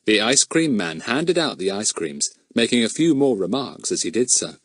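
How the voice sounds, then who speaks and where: A man narrating a children's storybook in an expressive storytelling manner. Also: on the low side, moderate pace, hardly any pauses, no echo, clean studio sound. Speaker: audiobook narrator. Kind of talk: scripted narration.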